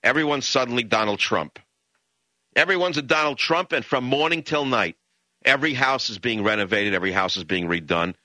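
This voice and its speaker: An older man from the Bronx, hosting a radio talk show in an impassioned, emphatic monologue that swings into high, mocking rants. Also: lively intonation, brisk, sharp tone, no echo. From the Bronx, New York.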